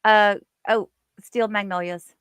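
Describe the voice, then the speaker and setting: A woman's voice: mid-range voice, fairly even intonation, takes it slowly, a bit bright, clear, resonant tone, no room sound. A woman hosting a casual livestream, chatting with viewers and reading their comments aloud. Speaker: livestream host.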